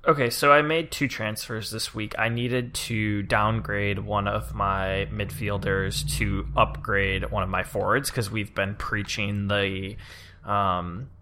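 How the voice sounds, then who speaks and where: A man's voice: fairly low pitch, fairly even intonation, slow, sharp tone, slight background noise. A man co-hosting a casual podcast, rambling eagerly as he talks through his reasoning. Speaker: podcast co-host.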